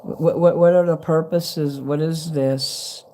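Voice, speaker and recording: A man opens a fan's package on camera at home, talking casually, rambling and cursing while things easily delight him. He speaks slowly in a slightly high voice with a steady, warm tone. It's shot on a handheld camera.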